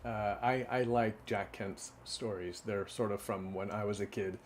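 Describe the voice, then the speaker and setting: A man reading picture books aloud in a casual way, adding relaxed asides between the stories. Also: lowish voice, a little slow, a little hiss or hum. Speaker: children's book reader.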